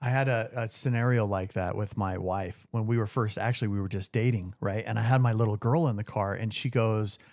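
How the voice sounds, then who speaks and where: A man's voice: fairly low pitch, fairly even intonation, brisk, few pauses, darkish tone, no echo, clean studio sound. A man hosting a podcast interview, who talks in a loose, casual way and swears freely. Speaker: podcast host.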